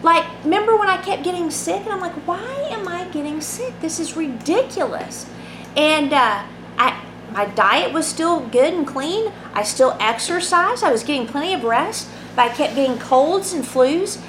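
A woman with a high voice teaches from the Bible in a relaxed, chatty way, reading passages and then explaining them. She keeps checking in with her listeners with a quick "right?". Her voice rings in a roomy space over a faint background hum.

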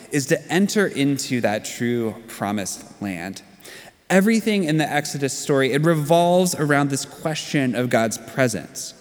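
Man in his 30s, pastor giving a sermon, conversational storyteller, mid-pitched voice, long church reverb.

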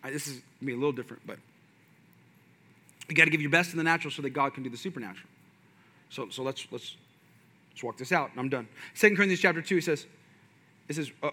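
A man's voice: a little high, fast, long pauses, pushed and bright. A man in his thirties preaching a sermon with passion and energy, mixing in folksy asides. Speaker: pastor.

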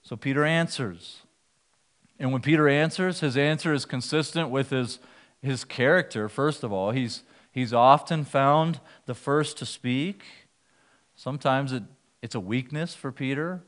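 A male pastor delivers a sermon, working through scripture in an earnest, explanatory way. His voice sits at a middle pitch, and he sometimes repeats a word as he gathers his thought. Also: a little slow, fairly bright tone. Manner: earnest teaching, with repeated words and restarts.

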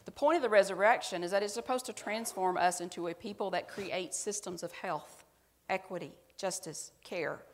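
A woman's voice: medium pitch, moderate pace, in a large hall. A woman pastor giving a sermon, speaking to the congregation in a conversational, self-mocking way.

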